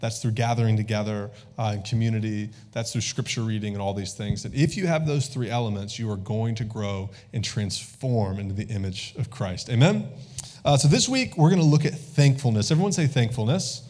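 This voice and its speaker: A man in his thirties, a pastor, giving a lively call-and-response sermon in a church and asking the congregation for amens. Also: on the low side, a little fast. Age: 30s. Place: church sanctuary.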